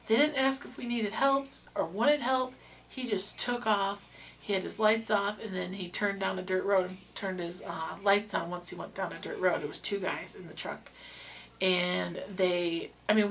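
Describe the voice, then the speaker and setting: A woman's voice: medium pitch, gravelly, a bit bright, a little hiss or hum. A young woman, a beauty vlogger, telling a true story in a casual, chatty way with lots of fillers and restarts.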